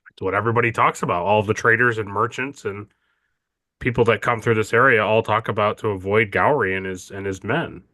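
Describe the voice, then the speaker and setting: A man's voice: fairly low pitch, fairly even intonation, fairly quick, bright, forceful tone. A man voicing a suspicious male colonist spokesman in a tabletop game who argues back in a defensive, matter-of-fact way. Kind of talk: tabletop role-play.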